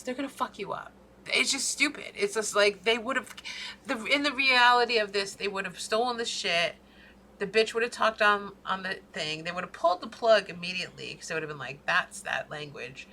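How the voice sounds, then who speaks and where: A woman's voice: mid-range voice, normal speed, bright, forceful tone, a little hiss or hum. A woman co-hosting a podcast in casual chat, telling a story as a profane, worked-up rant. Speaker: podcast co-host.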